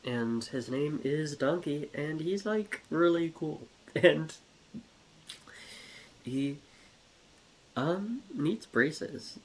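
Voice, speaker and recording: A man's voice: a little high, lively intonation, extremely slow, long pauses. A man telling a rambling, comedic story in a scatterbrained way, with giggles and many restarts.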